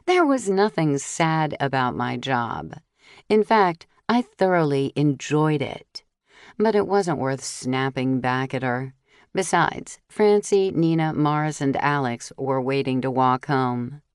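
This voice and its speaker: A woman with a notably low, deep voice reads a first-person mystery audiobook. She tells the story in a steady, clear way and voices the other characters' lines. The recording is close and dry, with no room sound. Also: slow pace, no room sound. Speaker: audiobook narrator.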